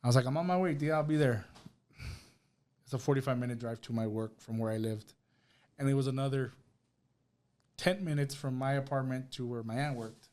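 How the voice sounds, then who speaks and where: Speaking fairly quickly but with long pauses, a man with a mid-range, slightly mellow voice relates a personal story on a podcast. His casual retelling includes quoted dialogue and fillers such as "right?" and "bro."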